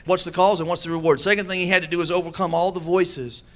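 A pastor preaching a sermon, calling out to the congregation and acting out quoted voices with humor. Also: male voice, high voice, level tone, quick pace, fairly bright tone. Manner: preaching with call-and-response asides.

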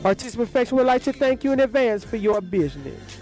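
A man's voice: very high-pitched, big pitch swings, quick pace, darkish tone, voice pushed up. A man voicing a forgetful elderly grandmother who reads out a radio ad in a doting, muddled way, over background music. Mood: announcing. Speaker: ad announcer.

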